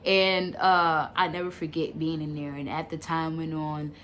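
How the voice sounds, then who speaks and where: Slangy, animated young woman storyteller. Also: deep voice, moderate pace, a little hiss or hum. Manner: animated, slangy and dramatic, with side remarks. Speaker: vlogger. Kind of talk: casual storytime vlog.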